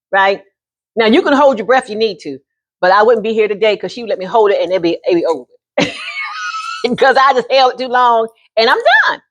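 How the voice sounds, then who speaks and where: Lively older woman telling stories, higher voice. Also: highs cut off. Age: 60s. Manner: animated, folksy, calls listener honey. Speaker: vlogger. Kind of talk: casual storytelling to camera.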